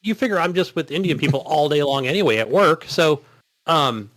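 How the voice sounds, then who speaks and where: A man with a lively, swooping voice on a gaming podcast, telling a rambling story in casual chat. The sound is dry and close, with no room around it. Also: fairly high pitch, a little fast, no echo. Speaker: podcast co-host.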